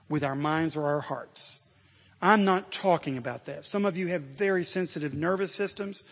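Male pastor, high-pitched, husky voice, emphatic sermon delivery, long church reverb. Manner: emphatic preaching, swelling to loud exhortation.

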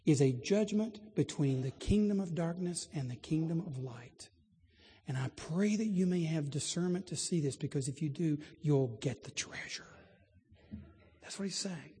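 In a big church, a man's somewhat high-pitched voice carries a sermon full of earnest storytelling that rises into lively emphasis. Each word fades away into the hall's lengthy echo.

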